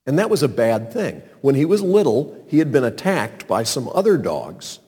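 A man from North Carolina telling a personal story to an audience in an animated, sermon-like way. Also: mid-range voice, moderate pace, slightly rough. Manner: animated storyteller, acts out calls and sounds. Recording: long reverb of a large hall.

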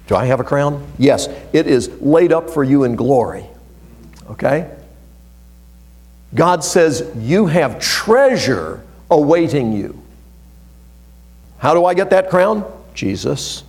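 A man preaching a sermon in a fairly high voice whose pitch leaps and dips all the time. He reads scripture with emphasis and drops into hushed, low asides between stressed phrases. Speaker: pastor.

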